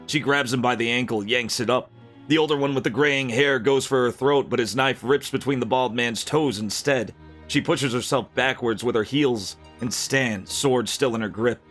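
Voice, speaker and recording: A man reading a dark, violent fantasy story aloud in an unhurried, gritty narration. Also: mid-range voice, soft background music.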